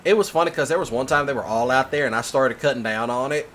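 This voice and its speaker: A man hosting a casual chat, telling stories in an animated way, laughing often and swearing freely. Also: medium pitch, fast, slight background noise. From Mississippi. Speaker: host.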